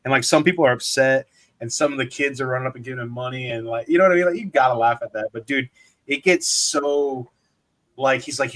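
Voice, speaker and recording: Man, casual chat, laughs often, says dude and like, mid pitch. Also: expressive, brisk, fairly bright tone. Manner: laughing often, peppers talk with 'dude' and 'like'.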